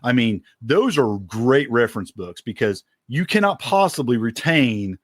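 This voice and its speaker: A man's voice: medium pitch, sing-song, a little slow, no echo, clean studio sound. A man co-hosting a podcast in casual chat, talking in an easygoing, rambling way and laughing often. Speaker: podcast co-host.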